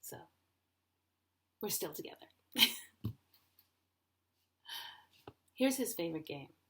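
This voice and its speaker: Middle-aged woman doing high-energy stand-up, animated, playful. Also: takes it slowly. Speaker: stand-up comedian. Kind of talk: stand-up comedy.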